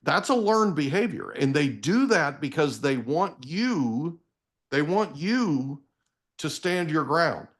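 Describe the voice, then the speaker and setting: A man's voice: on the high side, big pitch swings, slow pace. A man in his forties, a guest on a live interview, giving motivational parenting advice in an emphatic, preachy way and often checking in with "okay?". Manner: emphatic, preachy, addresses listeners directly with repeated "okay?".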